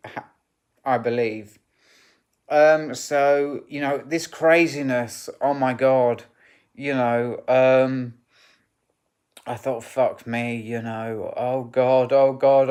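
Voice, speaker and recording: Slow, rambling man. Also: mid-range voice. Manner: rambling and halting, full of "you know" and restarts; candid and emotional. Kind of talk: personal storytelling vlog.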